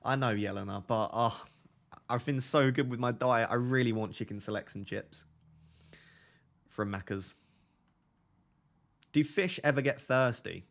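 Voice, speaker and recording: A man's voice: medium pitch, measured pace, vocal fry, long pauses, fairly bright tone. Young essex guy, easygoing stream host, close desk mic, answers chat off the cuff. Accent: Essex English. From Essex, England. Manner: chatty, reads and answers viewer chat. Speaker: livestream host. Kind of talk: casual live stream chat. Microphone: close desk microphone.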